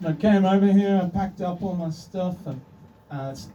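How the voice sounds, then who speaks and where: An Australian man with an Australian accent performing a stand-up comedy set in a dry, self-deprecating way. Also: high-pitched. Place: comedy club stage. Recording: distant club recording with room noise.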